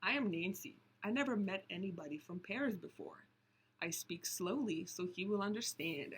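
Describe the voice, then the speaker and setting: A woman reading a picture book aloud, slow and deliberate, stopping to point out the pictures. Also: medium pitch, lively intonation, slight background noise. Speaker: storybook reader.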